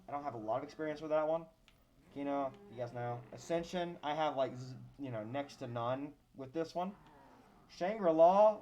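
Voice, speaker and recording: A man's voice: on the high side, a little mellow, muffled recording. A young man streaming a video game, talking casually, swearing and complaining with mock drama about his losses. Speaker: gaming streamer. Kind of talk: casual live gameplay commentary.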